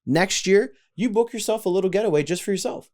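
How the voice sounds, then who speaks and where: A man's voice: high voice, quick pace, a little mellow. A young man co-hosting a podcast in casual chat, teasing his friends, laughing often and swearing. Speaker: podcast co-host.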